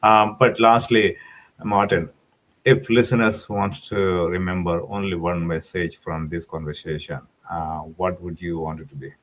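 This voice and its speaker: A male talk show host asking a closing question in a measured, slightly hesitant way. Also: low-pitched, fairly even intonation, rough recording. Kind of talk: interview questions.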